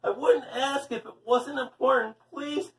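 A man's voice: very high voice, moderate pace, a bit bright, voice pushed up. A man voicing a mischievous schoolboy who whines and begs while reading a story aloud. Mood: pleading. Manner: whiny, begging. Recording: echoey room, mic at a distance.

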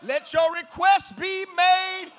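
High, bright-voiced man preaching loudly. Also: steady tone, slow, some chatter behind, slight background noise. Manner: hollering, rhythmic call-and-response preaching. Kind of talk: shouted revival sermon. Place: large church sanctuary. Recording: echoey hall reverb.

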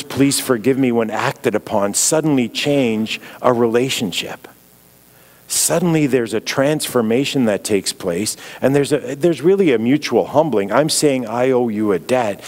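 A middle-aged man with a Canadian accent, preaching as a guest speaker in an earnest, reflective way, dropping softly when he quotes. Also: lowish voice. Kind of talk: sermon.

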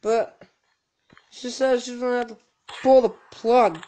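A gaming channel host giving casual, joking let's-play commentary, with sudden loud yelps and self-mocking asides. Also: medium pitch, fairly even intonation, a little slow, poor audio.

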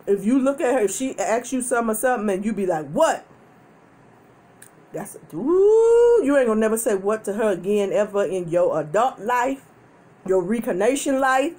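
A woman hosting a mukbang, chatting casually to viewers while she eats and telling stories animatedly, with frequent laughter and loud whoops. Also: medium pitch, brisk. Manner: chatty, addresses viewers directly. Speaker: mukbang host. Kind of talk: casual chat while eating.

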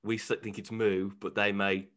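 Casting: relaxed man, podcast host, curious and unhurried. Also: fairly low pitch. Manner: easygoing, asks questions, hesitant restarts. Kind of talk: casual podcast chat.

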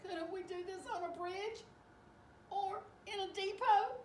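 A woman's voice: extremely high pitch, unhurried, voice pushed up. A woman voicing a polite, slightly fretful male toy train from a picture book. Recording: echoey room, distant mic, faint hiss.

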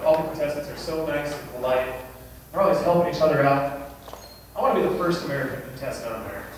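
A young man doing a stand-up comedy set on a club stage, moving from deadpan delivery into shouted mock rants. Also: a little high, far from the mic, a little hiss or hum. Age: young adult. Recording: very echoey club room from afar.

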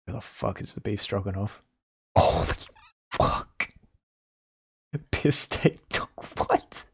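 A man's voice: fairly low pitch, slow, fairly bright tone, breathy edge. A man streaming live, reacting to videos with incredulous, swearing, laughing commentary.

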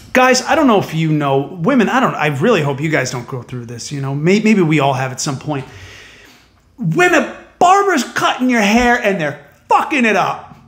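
Profane, animated male comedian. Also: high-pitched, a little slow, pauses often. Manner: profane, animated storytelling that builds to yelling. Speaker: stand-up comedian. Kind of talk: storytelling stand-up set. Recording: echoey room.

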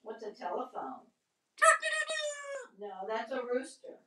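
A woman's voice: fairly high pitch, big pitch swings, slow pace, a little mellow. A woman at home casually talking to her pet bird in an affectionate, coaxing way, hosting a livestream. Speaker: parrot owner hosting a livestream. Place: indoors at home. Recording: roomy home audio picked up from a distance.

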